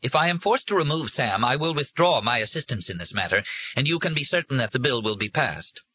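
A man reading aloud, voicing a firm, politically shrewd middle-aged mother who speaks coldly and deliberately. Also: low-pitched, very animated, pushed and bright, breathy edge, lo-fi sound, exaggerated voice. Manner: firm and cold, then quavering.

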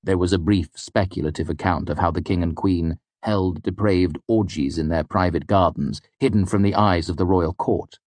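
A low-voiced man narrates an audiobook in first person, telling the scripted story in a measured, even way. The recording is dry.

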